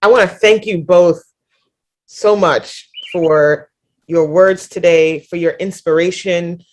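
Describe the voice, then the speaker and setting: A woman's voice: on the low side, steady tone, slow pace, darkish tone. A young woman moderating a conference panel and thanking the speakers. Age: young adult.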